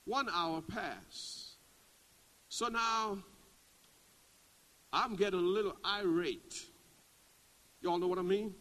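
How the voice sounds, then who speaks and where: A middle-aged male pastor preaching a sermon, dropping to a hush and then climbing to loud, rising exclamations. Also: high-pitched, slow, pauses often, rough recording.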